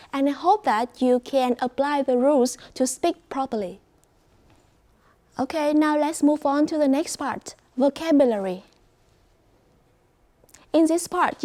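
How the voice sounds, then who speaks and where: Slow high-pitched Vietnamese-accented woman teacher. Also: mellow. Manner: slow, clear, encouraging classroom delivery. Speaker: English teacher. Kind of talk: classroom teaching demonstration. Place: classroom.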